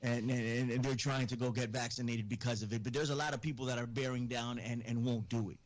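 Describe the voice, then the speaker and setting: A man's voice: mid-range voice, fairly even intonation, brisk. A man talking as a guest on a casual talk show, earnest and indignant, often repeating himself. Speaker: podcast guest. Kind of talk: casual chat.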